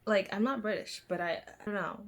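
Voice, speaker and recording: A woman's voice: mid-range voice, brisk. A young woman chatting casually about books she has read, rambling with lots of fillers, restarts and little stutters. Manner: rambling, filler-heavy, self-deprecating, stuttering. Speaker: book vlogger. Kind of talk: casual book review chat.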